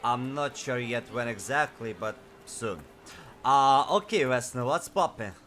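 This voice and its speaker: A man's voice: mid-range voice, animated, a little slow, a bit bright, a little hiss or hum. A man who speaks natively, giving enthusiastic casual let's-play commentary and reading game texts aloud. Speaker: gaming streamer.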